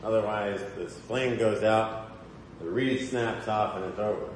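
A man's voice: lowish voice, measured pace, slight background noise. A man giving a conversational sermon in a church hall, often putting questions to the congregation. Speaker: preacher. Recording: echoey hall, faint ambience.

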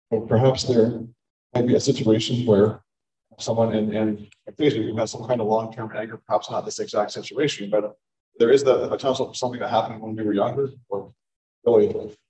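A man teaching a sermon as a pastor, in a measured, halting way. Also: fairly low pitch, dark tone. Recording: roomy, distant, dull recording.

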